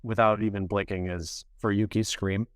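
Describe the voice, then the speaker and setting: A man co-hosting a sports podcast, chatting casually with dry, deadpan quips. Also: on the low side, normal speed, smooth, no echo. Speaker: podcast co-host. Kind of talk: casual chat.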